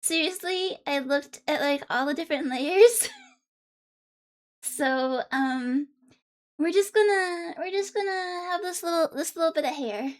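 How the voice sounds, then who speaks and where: A woman's voice: very high voice, unhurried. A woman streamer chatting casually and bubbly with her viewers, a bit congested. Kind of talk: casual live-stream chat.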